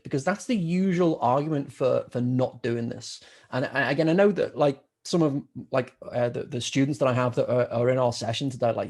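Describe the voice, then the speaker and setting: A man's voice: medium pitch, fairly quick, darkish tone. A middle-aged man teaching a live online trading lesson in a chatty way, repeating words and using many fillers. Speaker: trading educator.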